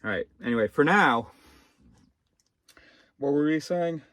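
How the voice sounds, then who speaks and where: A man's voice: fairly high pitch, lively intonation, unhurried, dry recording. Rambling man, dry close sound. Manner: rambling, swearing, swings from mumbling to shouting. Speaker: vlogger. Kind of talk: casual monologue.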